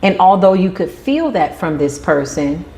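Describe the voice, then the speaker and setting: Expressive woman reading tarot cards. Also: fairly low pitch, normal speed. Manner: animated, emphatic, acts out quoted voices. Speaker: tarot reader.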